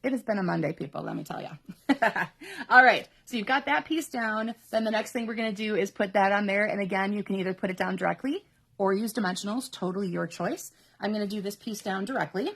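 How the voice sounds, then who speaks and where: A woman hosts a live card-making demonstration at her craft table, talking viewers through each step in a chatty way and laughing often. Her voice has a gravelly, slightly husky edge at a middle pitch. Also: quick pace, a bit bright. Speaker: papercraft host.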